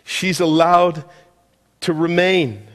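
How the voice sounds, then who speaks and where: A pastor's sermon echoes with church hall reverb as he speaks in the sanctuary, asking his listeners questions in a conversational style. He has a fairly high voice and a slow pace.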